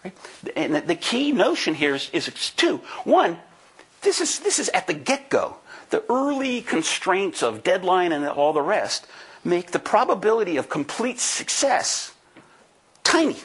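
A man's voice: high voice, sing-song, unhurried, a bit bright, husky. A man in his sixties giving a presentation to a live audience, talking in an emphatic, folksy way and often checking in with "right?". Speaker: conference speaker and book co-author. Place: talk before a live audience.

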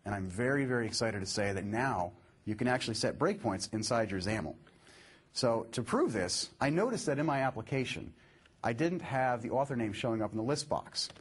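A man presenting a live software demo, upbeat and explaining step by step as he clicks through his code. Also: medium pitch, animated, brisk, breathy edge.

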